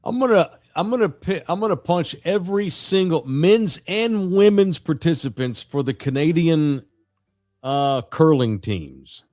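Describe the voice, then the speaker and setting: Animated, profane male podcast co-host. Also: fairly high pitch, unhurried, no echo, clean studio sound, faint music behind. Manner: animated storytelling, profane, acts out quotes loudly. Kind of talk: casual sports chat.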